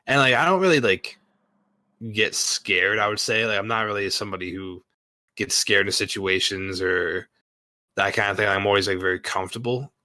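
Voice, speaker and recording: Profane, forceful man telling a story. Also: on the low side, moderate pace, no room sound. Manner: profane, filler-heavy, animated retelling. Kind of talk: casual storytelling.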